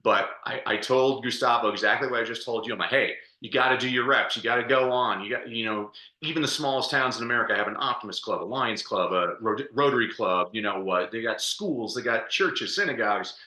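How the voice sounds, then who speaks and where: A man telling stories as a guest on a business podcast, energetic and chatty, laughing often. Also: mid-range voice, fairly quick, few pauses, echoey room. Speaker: podcast guest, speaker and coach. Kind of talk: storytelling interview answer.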